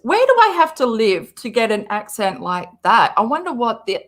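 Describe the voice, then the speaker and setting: A woman's voice: fairly high pitch, very animated, normal speed, few pauses. A woman with an Australian accent, chatting bluntly and casually as she reacts to a podcast for her stream, swearing freely. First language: English.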